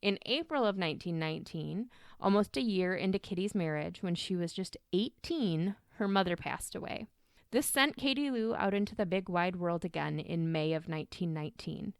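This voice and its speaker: A woman's voice: on the low side, animated, normal speed, smooth, no room sound, studio quality. A young adult woman hosting a podcast, telling a true crime story in a casual, chatty way, swearing and wandering off on tangents. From Michigan. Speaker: podcast host.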